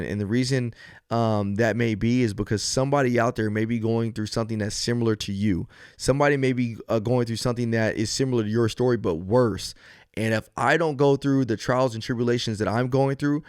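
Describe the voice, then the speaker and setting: A man hosts a podcast by himself, with a smooth, clear voice recorded close and dry. He moves from earnest encouragement to loose, joking storytelling. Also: mid-range voice, no echo. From US West Coast. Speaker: podcast host. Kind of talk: solo podcast talk.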